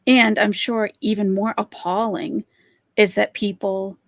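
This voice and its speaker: A woman's voice: medium pitch, level tone, a little slow, no echo. A woman hosting a live stream, giving sarcastic, mocking reaction commentary.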